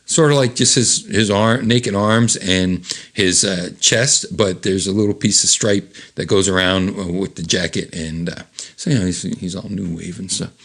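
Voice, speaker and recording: A man's voice: deep voice, steady tone, normal speed, fairly bright tone. A man hosting a casual read-aloud, describing comic panels in a rambling, chuckling way with many fillers. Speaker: host reading comics aloud.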